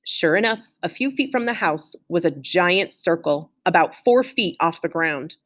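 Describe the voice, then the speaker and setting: A woman reading a children's chapter book aloud in an expressive, animated way. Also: fairly low pitch, moderate pace. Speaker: reader.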